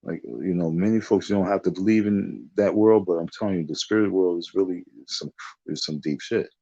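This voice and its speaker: A man's voice: low voice, moderate pace, dark tone, husky, no echo. Rambling man with a dull, lo-fi sound. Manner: rambling, storytelling, with frequent restarts. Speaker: online talk show host. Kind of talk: casual monologue.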